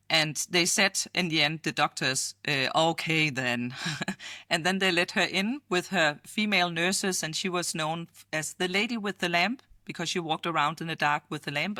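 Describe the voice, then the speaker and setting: A woman futurist guest from Denmark, telling lively stories and acting out quotes with frequent laughter. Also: deep voice, no room sound, clean studio sound. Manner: animated storyteller, acts out quotes, laughs often. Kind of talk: storytelling in conversation.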